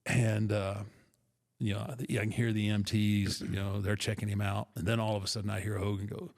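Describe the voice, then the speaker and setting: A middle-aged man casually telling a rambling, self-deprecating story with restarts, in a gravelly voice. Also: on the low side, flat delivery, a little fast, darkish tone. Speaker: podcast guest storyteller.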